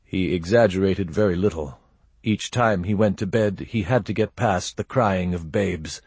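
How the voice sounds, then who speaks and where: Husky man narrating an audiobook. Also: low-pitched, normal speed, a little mellow, dry recording. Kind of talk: scripted narration.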